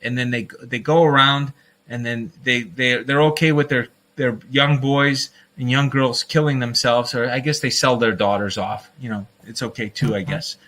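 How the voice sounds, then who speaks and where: A man's voice: medium pitch, fairly even intonation, moderate pace, bright, forceful tone. A man hosting a casual livestream, talking in a rambling, fired-up way, often breaking into laughter and calling his listeners folks. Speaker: livestream host.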